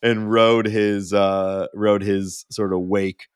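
A man with a fairly low voice co-hosts a relaxed podcast, telling stories with restarts and quick laughs. His voice is recorded close and dry, with no room sound. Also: smooth, no echo. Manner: rambling, self-interrupting, quick to laugh. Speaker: podcast co-host. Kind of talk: casual chat.

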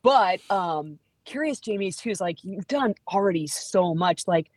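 A woman's voice: medium pitch, expressive, measured pace, no room sound. A middle-aged woman hosting a podcast, chatting casually in a rambling way with restarts. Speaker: podcast host. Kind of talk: casual chat.

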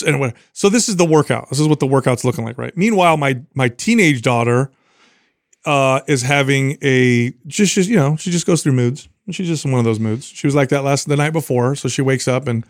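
A man telling a long, rambling story on a podcast, animated and loose with his swearing. His voice sits in the middle of the male range. The sound is dry and close, with no room around it. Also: medium pitch, a little fast, no room sound. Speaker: podcast co-host. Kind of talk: casual storytelling chat.

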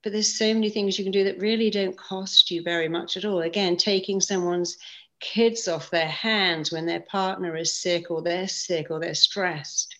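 A woman guest in conversational storytelling, lively and acting out the voices of people she quotes. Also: fairly low pitch, moderate pace. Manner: lively, acts out quoted speech. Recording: dull lo-fi sound.

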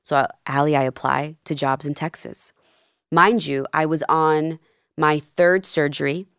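Low-voiced woman telling a story. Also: a little slow, clear, resonant tone, no echo, studio quality. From Peru and New Jersey. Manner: animated, acts out quoted dialogue. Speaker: podcast guest, life coach. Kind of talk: casual interview storytelling.

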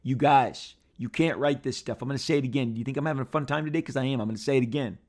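A man's voice: medium pitch, steady tone, rapid-fire, darkish tone. A man reviewing comic books in a playful, rambling casual chat with frequent restarts.

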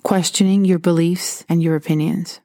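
A woman's voice: on the low side, fairly even intonation, moderate pace, dark tone, no room sound, studio quality. A woman talking earnestly and candidly, sharing her own experiences as advice. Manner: earnest and candid, recounting personal stories. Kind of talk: personal advice talk.

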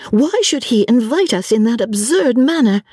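A woman's voice: a little high, lively intonation, normal speed, darkish tone, slightly rough, no room sound, studio quality, pitched above the performer's own voice. A woman voicing an earnest, impulsive young English woman in a dramatic reading of a classic novel, with an eager, stammering manner. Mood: exasperated.

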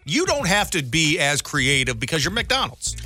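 A man co-hosting a podcast in casual chat, animated and rambling as he tells stories. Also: a little high, normal speed, soft background music. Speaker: podcast co-host.

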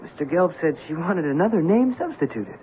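A man's voice: on the high side, sing-song, a little fast. An actor playing a nervous, stammering male theater press agent who also narrates, in a 1970s radio drama. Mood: pleading. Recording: tinny 1970s radio broadcast, faint hiss.

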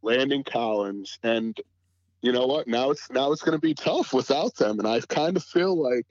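A man's voice: mid-range voice, moderate pace, no room sound, lo-fi sound. A man as a podcast guest in casual sports chat, laid-back and full of "you know" fillers.

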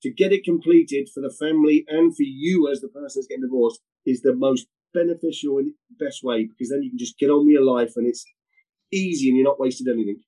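Animated man telling stories. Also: mid-range voice, fast talker, rough recording. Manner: animated, repeats words, jumps into quoted voices. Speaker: guest, former footballer. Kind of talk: storytelling anecdotes in conversation.

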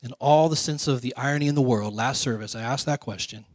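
A male pastor giving a conversational sermon, asking the congregation questions and dropping to soft, quiet lines. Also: medium pitch, fast talker, dry recording.

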